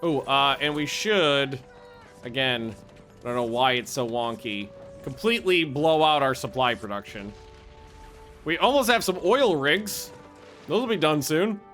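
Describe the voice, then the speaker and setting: A man casually commenting on his own strategy game play, excitable, swearing freely and thinking aloud with restarts. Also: on the high side, measured pace, soft background music. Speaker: gaming video host.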